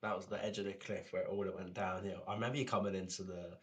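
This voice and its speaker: Deep-voiced podcast co-host. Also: male voice, level tone, fast talker. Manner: rambling, repeats words, laughs often. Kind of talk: casual chat.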